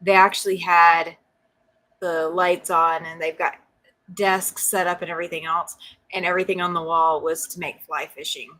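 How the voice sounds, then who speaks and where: A woman from Alabama co-hosting a casual livestream, telling stories in a relaxed way. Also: on the low side, moderate pace.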